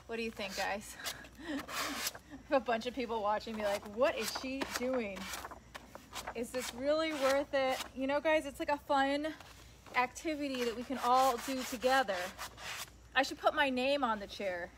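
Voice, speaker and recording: A woman's voice: high voice, moderate pace, long pauses. A young woman hosting a casual livestream outdoors, chatting with viewers and reading their comments as she works. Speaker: livestream host. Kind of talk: casual live chat while working. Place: outdoors on grass. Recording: loud sanding noise in background.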